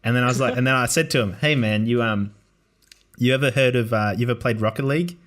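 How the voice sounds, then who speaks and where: A man's voice: medium pitch, fast, fairly bright tone. A man in his twenties hosting a podcast, telling rambling anecdotes in casual chat and acting out the quoted people. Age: 20s. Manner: rambling anecdotes with acted-out quotes and frequent laughter. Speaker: podcast host.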